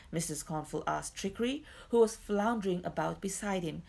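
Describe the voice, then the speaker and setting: A woman storyteller reading a children's book aloud in an expressive, lively way. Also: low voice, fairly quick, gravelly, few pauses.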